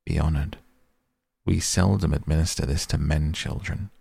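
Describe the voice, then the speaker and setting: A man's voice: extremely low pitch, steady tone, moderate pace, creaky, dark tone, slightly rough, no room sound, exaggerated voice. A man reading the part of a stern, commanding old woman in an audiobook, with a cold, clipped, imperious manner.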